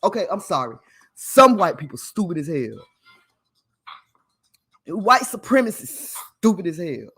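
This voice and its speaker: A woman's voice: fairly low pitch, sing-song, a little slow, long pauses, fairly bright tone, husky, faint music behind. A woman hosting a livestream, talking casually and emphatically to her viewers, often laughing and sounding preachy. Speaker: livestream host.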